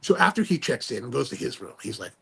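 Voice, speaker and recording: Guy host spinning a yarn, gravelly, bit husky, voice jumps around a lot, lots of restarts and "man". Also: medium pitch, fast. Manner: animated, restarts and repeats, slangy. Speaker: podcast host. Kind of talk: casual storytelling.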